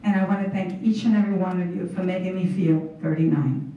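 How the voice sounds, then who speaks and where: A woman's voice: on the low side, steady tone, fast talker, very noisy. A woman in her thirties giving an emotional, unscripted thank-you speech as a student honoree. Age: 30s. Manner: heartfelt, emotional. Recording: echoey hall from far off, dull.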